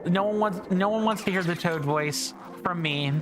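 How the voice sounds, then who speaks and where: A woman's voice: on the low side, moderate pace, background noise. A woman streamer chatting casually and self-deprecatingly while she plays, often stumbling over words, with some phlegm in her throat. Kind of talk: casual live game commentary.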